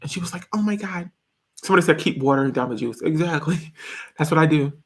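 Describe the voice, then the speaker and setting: A young man in his twenties hosts a casual live stream, chatting and reading viewer comments. His voice sits a little high for a man, and he talks in a giggly, rambling, chatty way. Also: fast. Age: 20s.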